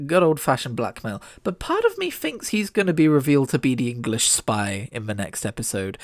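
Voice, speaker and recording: A man's voice: mid-range voice, dry recording, clean studio sound. A man reviewing an old television serial in casual commentary, jokey and self-deprecating, with a habit of swearing. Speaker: video reviewer.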